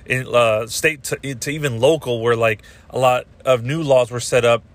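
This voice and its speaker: A young man hosting a podcast, ranting casually in a rambling, profane, animated way. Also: medium pitch, moderate pace. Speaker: podcast host.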